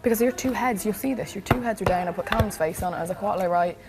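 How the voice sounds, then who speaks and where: A woman in a reality show house, rapidly retelling a conversation and quoting what others said, in a heated casual chat. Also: medium pitch, very noisy. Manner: rapid, retelling with quoted dialogue. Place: house living area, indoors.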